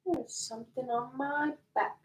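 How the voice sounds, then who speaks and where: A woman's voice: high-pitched, fairly even intonation, measured pace, far from the mic. A woman co-hosting a casual chat, telling stories and laughing through her words. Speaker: podcast co-host. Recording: echoey room, a bit off-mic.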